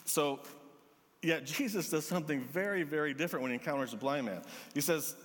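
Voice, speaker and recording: A man preaching a sermon as pastor, earnest and gentle, pausing often. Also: on the high side, lively intonation, long reverb tail.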